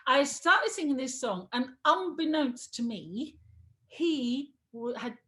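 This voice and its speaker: A woman on a sofa at home, telling a lively anecdote as an interview guest, laughing, trailing off and acting out the voices. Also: high voice, slow pace. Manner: excitable, laughing, trailing off and restarting. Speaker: guest telling career stories.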